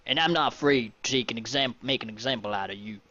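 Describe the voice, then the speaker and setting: A man doing a slow-talking thug. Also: medium pitch, pushed and bright, highs cut off. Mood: menacing. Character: gruff male Chicago gangster, bullying.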